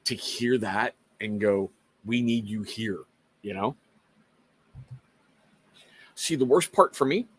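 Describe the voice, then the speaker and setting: A middle-aged man from Washington State hosts a casual livestream talk show, addressing viewers earnestly and wandering into self-mocking asides. His voice sits fairly low, and the recording is dry.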